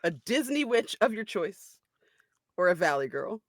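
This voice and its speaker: A woman's voice: medium pitch, sing-song, measured pace, no echo. A woman hosting a game stream, gushing and emotional as she hands off to each player. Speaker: host. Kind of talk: casual stream chat.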